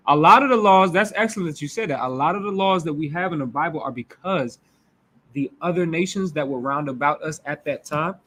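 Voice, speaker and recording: Informal Midwestern-accented man preaching, slightly higher-pitched. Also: a little fast, fairly bright tone. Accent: American Midwest. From United States. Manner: loose and informal, talks back and forth with the congregation, frequent restarts. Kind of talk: conversational sermon teaching.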